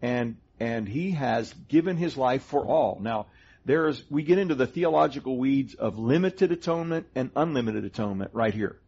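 Co-hosting a conversational Bible teaching show, a middle-aged man lays out Christian doctrine step by step with earnest care. His mid-range voice is expressive, husky and a little mellow at a moderate pace, heard through dull lo-fi sound.

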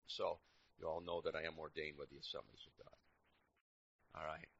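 A middle-aged man preaching a sermon, swinging between loud emphatic lines and quiet asides. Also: a bass voice, little pitch movement, moderate pace, creaky. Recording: dull lo-fi recording.

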